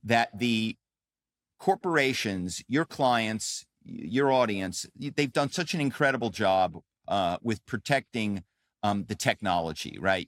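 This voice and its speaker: A middle-aged man, a guest on an interview show, telling his story in an animated, conversational way with many fillers. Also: fairly low pitch, no room sound, studio quality. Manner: animated storyteller, frequent "um" and "you know". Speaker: podcast guest, author and former corporate spy.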